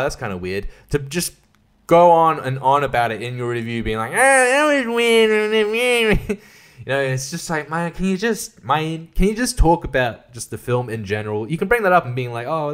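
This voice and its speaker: A man runs a solo podcast in a loose, rambling rant. He swears often and trails off into asides. His pitch is ordinary for a man. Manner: profane, rambling, laughs at his own jokes. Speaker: podcast host.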